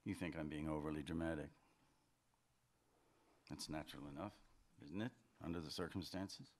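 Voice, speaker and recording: A man reading fiction aloud, voicing a brooding husband who hedges and stumbles before he answers. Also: extremely low pitch. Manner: hesitant, halting, defensive. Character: defensive husband, brooding and evasive. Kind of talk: literary reading, acted dialogue.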